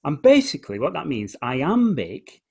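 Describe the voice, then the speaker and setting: A man with a husky, slightly breathy voice explains the rhythm of a poem in an easy back-and-forth chat. He is hesitant and restarts his sentences often. He stretches out each word when he reads verse aloud. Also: medium pitch, animated, unhurried, a little mellow. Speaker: guest discussing poetry. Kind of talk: relaxed conversation, explaining verse.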